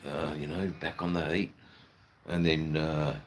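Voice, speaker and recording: A man's voice: a bass voice, flat delivery, a little slow. A man with an Australian accent chatting loosely to his live chat, rambling, swearing and filling gaps with ums and uhs. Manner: rambling, loose and profane, full of fillers. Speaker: livestreamer. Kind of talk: casual live-stream chat.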